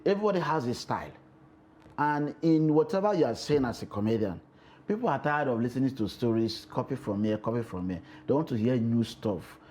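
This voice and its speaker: A man's voice: mid-range voice, slight background noise. A man with a Nigerian accent, a comedian talking animatedly in a TV interview and slipping into pidgin. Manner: animated, mixes pidgin into English. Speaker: comedian guest. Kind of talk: TV interview talk.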